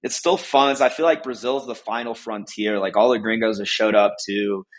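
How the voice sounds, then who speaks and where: Guy from the us rambling on a podcast, kinda low voice, laughs a lot, says like constantly. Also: steady tone, normal speed. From United States. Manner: rambling, laughs often, lots of "like". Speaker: podcast guest. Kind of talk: casual podcast chat.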